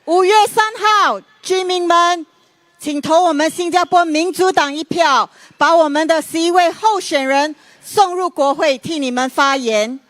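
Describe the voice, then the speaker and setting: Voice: very high voice, normal speed, fairly bright tone, no echo. Rally announcer calling to the crowd. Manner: announcing, call-and-response with the crowd. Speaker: rally co-emcee. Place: outdoor rally field.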